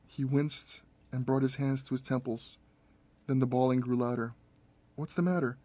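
A man reading a horror story aloud as narrator, in a steady, measured storytelling manner. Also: mid-range voice, dry recording. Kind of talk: scripted audiobook narration.

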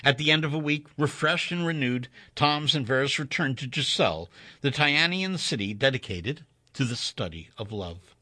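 A man narrating a story in an expressive, wry, measured reading. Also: medium pitch, no echo.

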